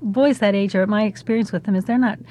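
A woman's voice: mid-range voice, fast talker, a little mellow, slight background noise. A woman interviewing a guest, asking questions and giving short encouraging replies. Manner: attentive, gives short backchannel replies.

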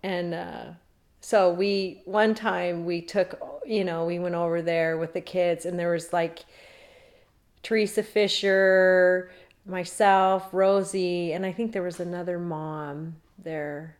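A woman's voice: fairly low pitch, level tone, takes it slowly. A middle-aged woman from Alaska, telling a rambling story in a casual interview and laughing often.

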